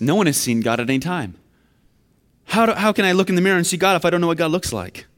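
A man preaching a sermon, earnest and building to emphatic questions. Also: on the high side. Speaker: pastor.

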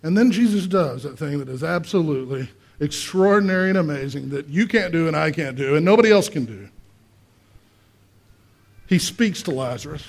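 A male pastor preaching a conversational sermon, asking the congregation questions and swinging between quiet and loud. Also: fairly high pitch, lively intonation, moderate pace, creaky. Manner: acts out voices in quotes, swings from quiet to loud.

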